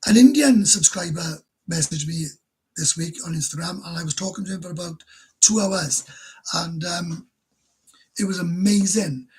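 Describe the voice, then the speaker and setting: A man's voice: high-pitched, moderate pace, slightly rough, poor audio. A man with a Welsh accent hosting a live stream, chatting casually and reading out viewer comments in a blunt, rambling, self-mocking way.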